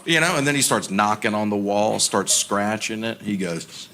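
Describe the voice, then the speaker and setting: A man doing stand-up comedy, telling self-deprecating stories in a deadpan way and acting out other people's lines. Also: fairly low pitch, measured pace. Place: theater stage with a laughing audience. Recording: live show with audible audience noise.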